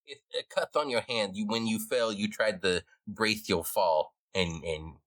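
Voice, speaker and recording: A man's voice: lowish voice, a little slow, a bit bright, no room sound. A man narrating as game master of a tabletop game in a loose, joking way.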